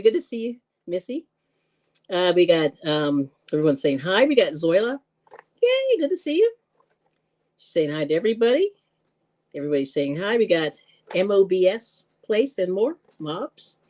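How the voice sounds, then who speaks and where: Bubbly lady cooking on a live stream, laughs a lot, voice jumps all over. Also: medium pitch. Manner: bubbly, laughs often, greets viewers with excited squeals. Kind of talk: casual live-stream chat.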